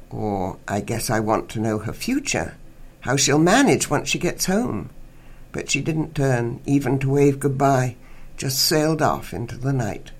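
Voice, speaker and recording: Man reading a story, even and wry. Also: mid-range voice.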